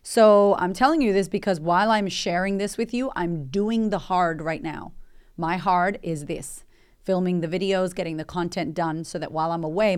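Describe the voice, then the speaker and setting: A woman's voice: lowish voice, darkish tone. A woman, hosting a motivational podcast in a candid, emphatic, chatty way with swearing. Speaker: podcast host and coach.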